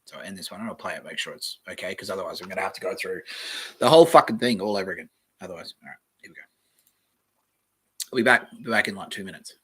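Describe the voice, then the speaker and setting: A man hosting a casual solo podcast, reading aloud from the web and thinking out loud in a rambling way, with the odd swear. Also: low-pitched, fast, long pauses, slightly rough. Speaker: podcast host.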